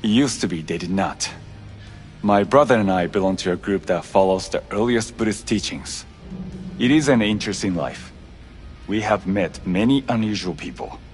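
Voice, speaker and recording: Guy voicing a calm formal monk, lowish voice, slow and measured. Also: soft background music, close to an everyday voice.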